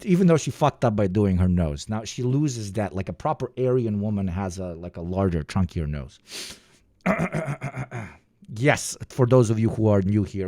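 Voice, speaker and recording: A man's voice: fairly low pitch, expressive, normal speed, warm tone, dry recording, clean studio sound. Rambling, profane man riffing on stream. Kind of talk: casual reaction commentary.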